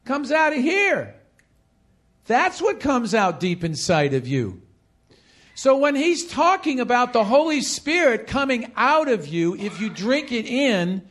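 A pastor preaches from the pulpit with lively energy, his high voice full of sweeping pitch changes. Using call-and-response, he gets the congregation repeating phrases and presses every point by saying it again and again.

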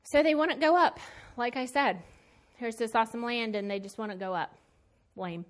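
Lady preaching casual, kinda high voice, talks like she's chatting with friends but hits the points hard. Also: normal speed. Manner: conversational and emphatic, with plain slangy asides. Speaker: Bible teacher. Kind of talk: casual sermon.

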